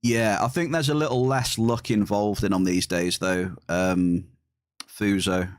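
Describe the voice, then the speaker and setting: A man's voice: on the low side, steady tone, measured pace, dry recording, studio quality. A man with an English accent chatting casually with his live-stream viewers, reading their messages aloud and cheering at big hits. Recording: game music behind.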